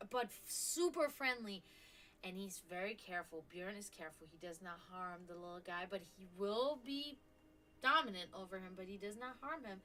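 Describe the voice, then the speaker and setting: A woman's voice: fairly high pitch, bright, forceful tone. A woman hosting a live stream, chatting casually and rambling, with frequent restarts and offhand swearing. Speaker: stream host.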